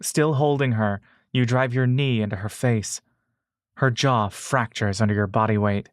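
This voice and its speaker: A man narrating a fantasy adventure story in the second person, in a measured, steady way. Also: medium pitch, dry recording, studio quality.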